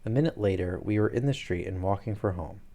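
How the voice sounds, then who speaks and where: A man reading a detective story aloud on a live stream, steady and plain, with the odd joking aside. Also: on the low side, quick pace.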